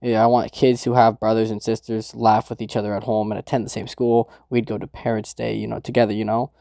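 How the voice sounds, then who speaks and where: A young man casually recapping a manga chapter, excitable, swearing and laughing now and then. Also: fairly low pitch, brisk, gravelly, no room sound, clean studio sound. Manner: excitable, swears, laughs, quotes characters in raised voice. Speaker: manga review host.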